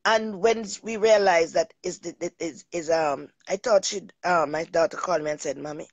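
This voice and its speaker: A woman's voice: fairly low pitch, moderate pace, no echo, highs cut off. Emotional woman telling a rambling story. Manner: rambling, emotional, repeats herself. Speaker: talk show host. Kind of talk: personal storytelling monologue.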